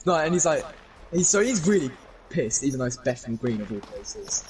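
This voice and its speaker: A young man, excitedly telling a story to friends in a casual, swearing, rambling way. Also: mid-range voice, brisk, noisy background. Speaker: gaming channel host. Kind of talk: animated storytelling chat.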